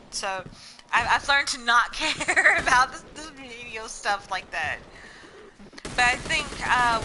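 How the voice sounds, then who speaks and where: A woman's voice: mid-range voice, noisy background. A woman with a slight Southern accent, chatting casually to her viewers in a rambling, stream-of-thought way, full of "like" and "you know". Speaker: vlogger.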